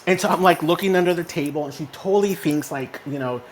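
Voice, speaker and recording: Speaking quickly in a slightly high voice, the Texan co-host keeps up lively storytelling in a casual motivational social audio room, peppering it with "right?". He's on a phone, and some background noise comes through.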